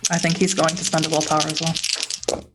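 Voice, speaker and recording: A woman narrating a tabletop horror game as game master, describing scenes in a measured way. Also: sits low, completely flat delivery, very noisy.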